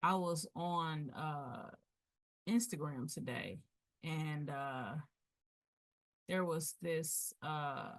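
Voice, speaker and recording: Slow, low-voiced woman coach. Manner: relaxed and informal, with hesitant fillers. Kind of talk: casual coaching chat.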